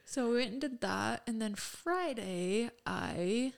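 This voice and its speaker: A young woman with a fairly high, expressive voice and noticeable vocal fry takes her time as she speaks. She co-hosts a podcast and tells chatty, giggly stories full of "like"s in a casual conversation.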